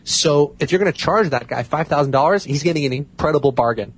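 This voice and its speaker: A man's voice: on the high side, fast talker, husky, poor audio. A man speaking as a podcast guest, emphatic and repeating points for stress. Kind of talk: casual chat.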